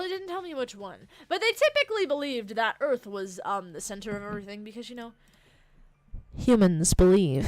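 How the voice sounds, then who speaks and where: Lively, rambling woman streamer. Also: mid-range voice, no echo. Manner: rambling, distractible, bursts into loud excitement. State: tired from the late hour. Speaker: livestreamer. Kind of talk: casual late-night chat with viewers.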